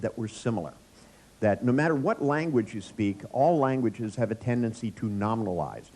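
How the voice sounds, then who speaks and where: A man's voice: mid-range voice, a little mellow, poor audio. A man giving a live workshop lecture to an audience, telling wry, joking anecdotes. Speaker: workshop trainer.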